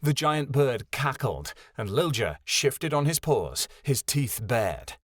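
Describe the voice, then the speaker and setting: Guy reading a fantasy audiobook, mid pitch, dead dry studio sound. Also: big pitch swings, slow pace, no echo. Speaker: audiobook narrator. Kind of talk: scripted narration.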